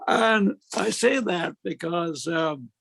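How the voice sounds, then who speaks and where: A man's voice: high voice, gravelly, a bit bright, breathy edge. An older man from Ireland with an Irish accent, telling rambling stories as an author at a talk, full of fillers and restarts. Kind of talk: anecdotal storytelling.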